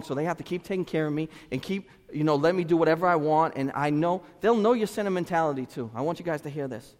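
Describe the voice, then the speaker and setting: A male pastor preaching with an earnest, conversational manner, his fairly high voice carrying through a church hall with a long, lingering echo. He swings between loud exhortation and soft, confessional moments. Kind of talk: sermon. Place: church sanctuary.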